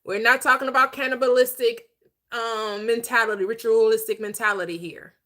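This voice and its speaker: A woman hosting a livestreamed Bible teaching, preaching in an emphatic, conversational way, slowing down to stress key phrases and chatting with viewers in between. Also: on the high side, steady tone, bright, forceful tone. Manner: chatty asides to viewers, quick laughs.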